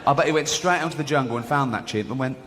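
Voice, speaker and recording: A man performing a stand-up routine, deadpan storytelling with acted-out dialogue. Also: medium pitch, racing. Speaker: stand-up comedian. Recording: reverberant venue, faint noise.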